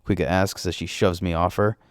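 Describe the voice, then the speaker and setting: A man narrating a story in the first person, in a plain, steady way. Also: sits low, brisk, clean tone, no echo, clean studio sound.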